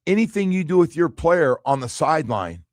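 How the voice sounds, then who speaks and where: Middle-aged radio host, dry studio voice. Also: male voice, brisk, no room sound. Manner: animated storyteller, drops into low quoted asides. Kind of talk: casual sports talk radio banter.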